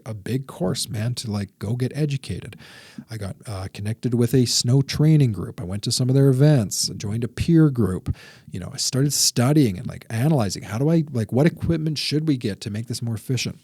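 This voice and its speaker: Husky-voiced man telling a business story. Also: mid-range voice, moderate pace, no room sound, studio quality. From Canada. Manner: animated storyteller, acts out both sides of phone calls, many "like" fillers. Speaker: podcast host. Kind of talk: casual storytelling monologue.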